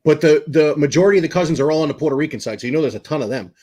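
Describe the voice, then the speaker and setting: A man from New York on a casual sports podcast, talking in a measured, thoughtful way. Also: fairly high pitch, a little mellow.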